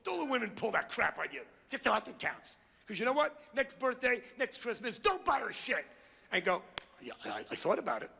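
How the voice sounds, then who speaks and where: A man's voice: very high voice, big pitch swings, moderate pace, gravelly, in a large hall, noisy background. A middle-aged man doing a stand-up routine, ranting and insulting the crowd in a brash manner on a club stage. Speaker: stand-up comedian. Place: comedy club before a live crowd.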